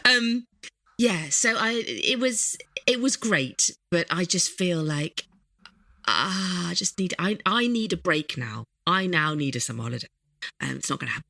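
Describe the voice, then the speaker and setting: A woman, co-hosting a podcast and chatting in a relaxed, storytelling way. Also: lowish voice, unhurried, creaky. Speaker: podcast co-host. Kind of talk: casual chat.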